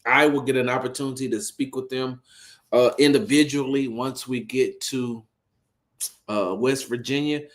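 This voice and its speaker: A man hosting a casual sports talk livestream, animated and incredulous, repeating himself as he gets worked up. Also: moderate pace. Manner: animated, incredulous, repeats himself, rising pitch when riled up. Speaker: host of a sports talk stream.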